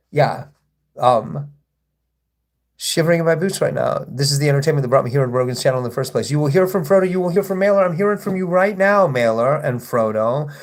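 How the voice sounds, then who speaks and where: Sarcastic, indignant man livestreaming. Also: a little high. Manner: indignant and sarcastic, rambling with restarts. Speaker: livestream host. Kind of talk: livestream monologue addressing chat.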